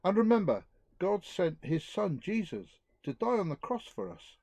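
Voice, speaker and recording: A middle-aged man giving an earnest outdoor talk to a youth group, reflective and lively. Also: sits high, normal speed, no room sound. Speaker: youth speaker.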